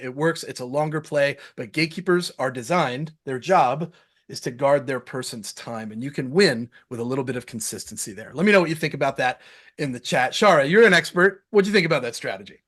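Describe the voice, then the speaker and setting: Male sales-show host, slightly high voice, lively and casual, acts out call dialogues. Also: brisk. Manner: animated, acts out phone dialogues, casual slang. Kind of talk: energetic live-show coaching.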